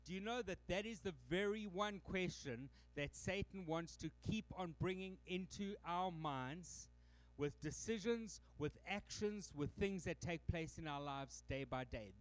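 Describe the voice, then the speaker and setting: A man with a Canadian accent, preaching a sermon to his church and acting out quoted voices. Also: high-pitched. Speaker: pastor.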